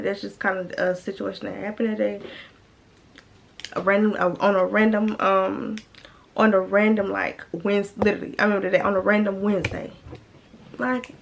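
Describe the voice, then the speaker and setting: Young woman vlogger, raspy fry, acting out quotes, bit of background hiss. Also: medium pitch. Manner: animated retelling with quoted voices and scat fillers. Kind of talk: casual storytime.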